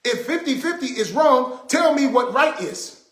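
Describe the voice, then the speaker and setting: Man, very high voice, casual livestream host, indignant and repetitive, roomy echo on a phone mic. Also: lively intonation, measured pace, fairly bright tone.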